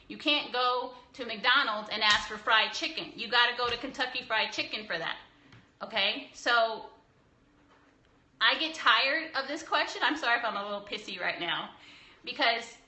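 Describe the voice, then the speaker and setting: A woman's voice: a little high, sharp tone. A young woman cake decorator answering viewers' questions on a casual live stream, blunt and preachy, with some laughs and mild swearing. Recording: echoey room.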